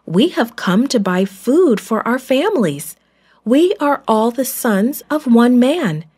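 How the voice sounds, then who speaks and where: Woman doing frightened men begging, pitch up, storybook reading. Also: very animated, slow, a little mellow, slightly rough, heavily acted. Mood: pleading. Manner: pleading, anxious, higher pitched. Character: frightened group of grown brothers.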